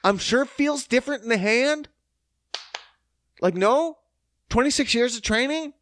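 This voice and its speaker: A man's voice: extremely high pitch, expressive, a little slow, fairly bright tone, slight background noise. A man hosting a podcast, ranting in a casual, profane and sarcastic monologue on a close mic. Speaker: podcast host.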